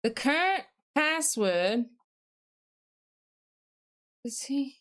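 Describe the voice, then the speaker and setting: A woman's voice: high voice, big pitch swings, very slow, fairly bright tone. A woman streamer chatting casually on a live stream, reading chat messages aloud, answering them, and thinking aloud while she studies.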